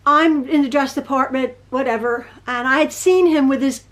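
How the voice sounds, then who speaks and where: A middle-aged woman who hosts a quilting channel, telling a story from her home in a chatty, rambling way, often correcting herself. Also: high-pitched. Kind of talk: casual storytelling. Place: home sewing room.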